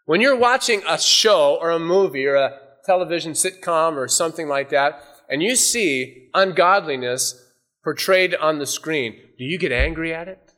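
Guy preaching a sermon, bright slightly high voice, goes animated then hushed and intense. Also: normal speed. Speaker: pastor.

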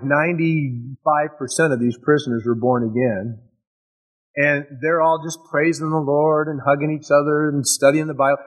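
A man's voice: fairly high pitch, poor audio. A man preaching a sermon in an enthusiastic, conversational way, often restarting his phrases.

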